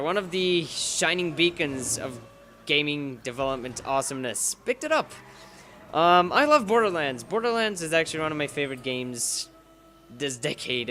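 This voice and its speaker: A man's voice: a little high, pushed and bright, a little hiss or hum. A man giving casual, rambling playthrough commentary, sarcastic, with sudden emphatic bursts. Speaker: gaming YouTuber.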